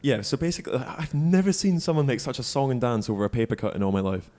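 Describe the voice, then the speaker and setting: A man's voice: mid-range voice, big pitch swings, quick pace, warm tone. A young man co-hosting a podcast, telling stories in a teasing way and laughing often. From British. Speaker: podcast co-host. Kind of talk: casual chat.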